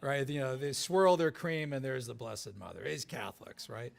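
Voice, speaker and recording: A man giving a live talk as a guest author to an audience, lively, with many restarts, often asking "right?". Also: medium pitch, moderate pace, gravelly.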